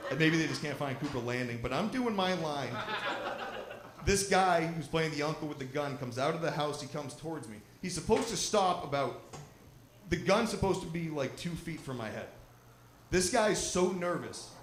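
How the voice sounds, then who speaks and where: A young man with a fairly high voice works a stand-up set, swearing freely and telling his story with lively energy. The sound is roomy and echoing, and clear background noise from the live show sits under him. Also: moderate pace. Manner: profane, storytelling, animated delivery. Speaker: stand-up comedian. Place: lodge venue, live show.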